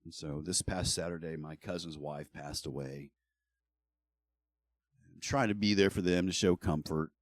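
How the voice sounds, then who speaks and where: A middle-aged man talks straight into his stream, blunt and heavy with swearing as he vents. His voice sits on the low side. The sound is dry and close, with no room echo. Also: normal speed, pauses often. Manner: blunt, heavily profane, heated ranting. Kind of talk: casual livestream talk.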